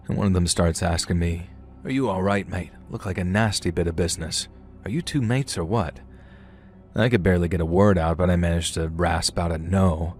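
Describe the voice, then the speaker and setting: A man narrating a first-person story in a casual, slangy storytelling manner. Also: low-pitched. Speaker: channel narrator.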